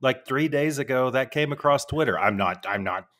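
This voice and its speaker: A man's voice: mid-range voice, animated, normal speed, fairly bright tone. A man co-hosting a podcast, telling jokey, sarcastic stories in casual chat. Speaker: podcast co-host.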